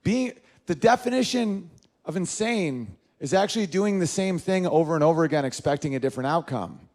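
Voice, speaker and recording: Stand-up comedian, man in his thirties, lively and a touch high-voiced. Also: a little fast. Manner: animated, jumps into high-pitched character voices.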